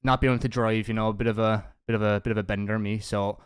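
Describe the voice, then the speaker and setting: A man's voice: fairly low pitch, little pitch movement, fast, clear, resonant tone. An Irish man guesting on a podcast, chatty and teasing with crude jokes. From Ireland. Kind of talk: casual podcast chat.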